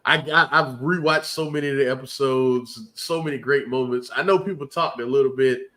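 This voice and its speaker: A man's voice: medium pitch, a little fast, bright, forceful tone. A man co-hosting a podcast, chatting enthusiastically and emphatically, often repeating words as he makes his point. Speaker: podcast co-host. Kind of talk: casual review chat.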